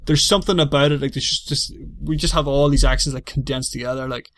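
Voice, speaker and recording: A man's voice: medium pitch, steady tone, fast, a bit bright, no room sound. A young Irish man from Monaghan co-hosting a podcast, rambling in a casual chat and dropping "like" into nearly every phrase. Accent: Northern Irish, County Monaghan. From Ireland. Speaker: podcast co-host.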